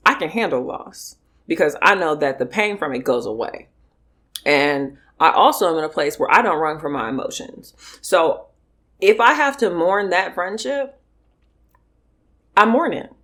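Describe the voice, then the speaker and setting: A young woman from California chats to her viewers between mouthfuls of food. She talks bluntly and with emphasis, direct and casual, in a mid-pitched voice. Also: fairly bright tone. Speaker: mukbang vlogger. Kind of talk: casual eating vlog chat.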